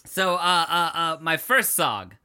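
Man, young, podcast co-host, casual chat, very bright sharp voice, laughs a lot, lots of uhs. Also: on the high side, animated, slow pace, smooth. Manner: laughs often, filler-heavy, enthusiastic.

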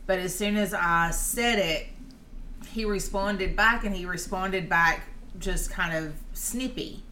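A woman with a fairly low voice talks her way through a story in casual podcast chat. She rambles and restarts as she goes, and faint noise sits under her voice. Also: a bit bright. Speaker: podcast co-host. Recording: background noise.

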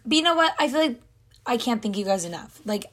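A young woman hosting her own podcast, her voice hoarse and nearly gone, talking in an earnest, rambling way full of "like". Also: fairly high pitch, expressive, quick pace, fairly bright tone. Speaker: podcast host. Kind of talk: casual solo podcast talk.

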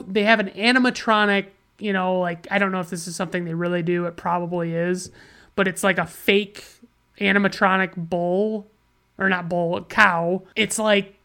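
A woman's voice: medium pitch, a bit bright. A woman casually reviewing a movie, sarcastic and profane, often restarting her sentences.

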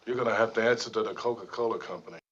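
An actor playing a blunt, stubborn American army colonel who talks in a gruff way. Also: male voice, lowish voice, very fast, a bit bright. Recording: muffled old film audio.

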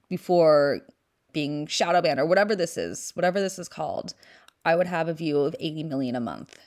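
A young woman from the San Fernando Valley, California, hosts a podcast with a Valley Girl accent in casual, candid, profane chat. Her voice is low with a darkish tone.

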